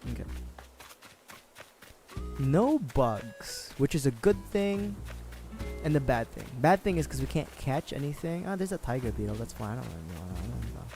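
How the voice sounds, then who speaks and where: Man, streamer, casual chat, rambling, self-mocking, swears, animated pitch, faint music behind. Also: normal speed, long pauses. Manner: rambling, joking, swears freely, laughs at himself. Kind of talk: casual gaming livestream chat.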